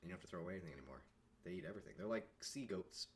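A man's voice: sits low, lively intonation, racing, noisy background. A man co-hosting a podcast, making dry, sarcastic remarks in casual book chat. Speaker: podcast co-host.

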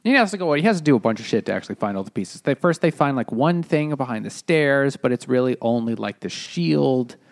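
A man's voice: medium pitch, expressive, vocal fry, dry recording. Guy recapping a book on a podcast, lots of likes and uhs, dry close sound. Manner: halting, filler-heavy retelling. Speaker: podcast co-host. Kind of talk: casual book chat.

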